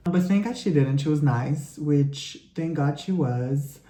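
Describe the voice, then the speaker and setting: A man's voice: on the high side, unhurried, mellow. A young man ranting as a vlogger while he gets ready, sassy, profane and rambling, full of filler "like"s, sounding tired and a bit sick. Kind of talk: get-ready-with-me rant. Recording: echoey room.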